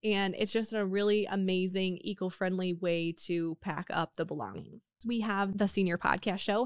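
A woman's voice: medium pitch, moderate pace, few pauses. A chatty woman hosts her podcast in an upbeat, casual way, dropping fillers as she goes. Her voice is worn from being sick. The sound is dry and close, with no room echo. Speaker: podcast host. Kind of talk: casual promotional podcast talk.

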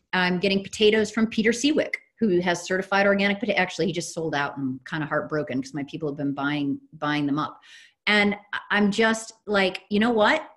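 A woman farmer answering questions in a casual online panel, energetic and self-deprecating, rambling with restarts. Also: mid-range voice.

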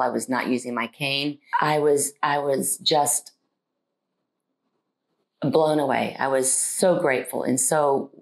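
A woman in her sixties giving an earnest, heartfelt patient testimonial, pausing often to find her words. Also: rumbling low, poor audio. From United States. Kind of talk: personal testimonial.

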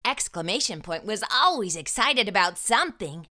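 A woman reading a picture book aloud to children in an animated, sing-song manner. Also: medium pitch, normal speed. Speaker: children's storyteller.

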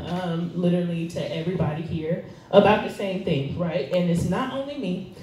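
A woman's voice: on the low side, moderate pace, hardly any pauses, mellow, far from the mic, a little hiss or hum. A woman preaching a casual, chatty sermon, laughing often and joking about herself. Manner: chatty, laughing, self-deprecating. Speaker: guest speaker. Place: church hall. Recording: echoey hall, recorded from afar.

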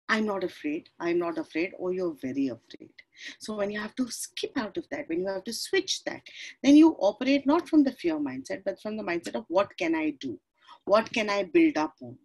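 On a video call, a woman in her forties with an Indian accent gives a motivational talk about mindset, blending Hindi into her English. She draws out key words slowly and frequently asks "right?" Her voice is a little high, gravelly and darkish, and the audio quality is poor.

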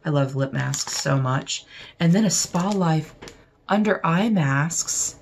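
Low-voiced gushing woman vlogger. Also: takes it slowly, slight background noise. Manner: gushing, excited, breaks into gasps and soft whispers. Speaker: beauty vlogger unboxing mail. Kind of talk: casual unboxing chat.

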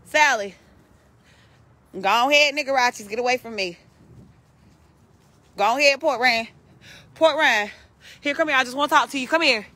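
A woman's voice: high-pitched, normal speed, pauses often, sharp tone. A woman calling and scolding her farm animals outdoors, as if they were naughty kids. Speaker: vlogger. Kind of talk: casual chat while calling farm animals.

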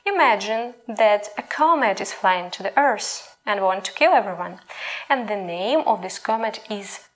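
A woman's voice: medium pitch, animated, a little slow. A young woman with a Ukrainian accent, a native Ukrainian speaker teaching a language lesson in English and patiently modelling each sound aloud.

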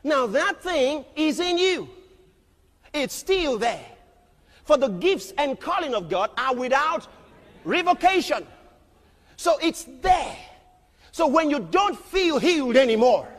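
A man preaching a sermon as a pastor, emphatic, often shouting and questioning his crowd. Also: extremely high pitch, very animated, slow pace, pauses often. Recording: long reverb of a large hall.

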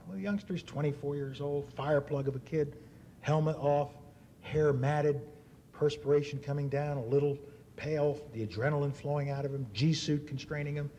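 Mellow man telling stories at a dinner. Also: on the high side, steady tone, moderate pace, slight background noise. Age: 50s. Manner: anecdotal storytelling with acted quotes. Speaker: dinner speaker. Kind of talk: after-dinner speech. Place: banquet hall.

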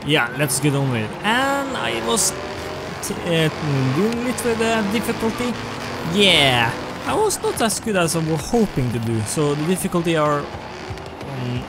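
A gaming channel host gives casual commentary on a racing game, rambling and halting with frequent restarts and self-talk. His voice sits on the high side with a sing-song lilt. Game music plays over him, and the clip is very noisy.

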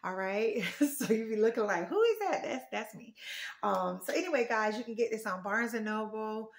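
A woman's voice: medium pitch, fairly even intonation, normal speed, creaky. A woman vlogging casually while she works, chatty and exclaiming, a little out of breath. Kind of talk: casual vlog to viewers.

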